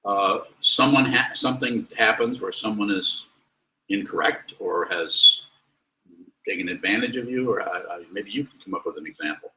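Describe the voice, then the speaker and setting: A man's voice: fairly low pitch, moderate pace, sharp tone. Blunt, wry man teaching in an echoey hall. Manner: blunt, wry, lectures then lets students ask. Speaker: Buddhist teacher. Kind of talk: dharma talk with questions. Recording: roomy echo.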